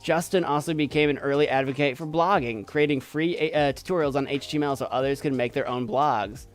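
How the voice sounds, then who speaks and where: A man's voice: a little high, fairly quick, few pauses, faint music behind. A man streaming, reading on-screen text aloud and adding wry, amused asides.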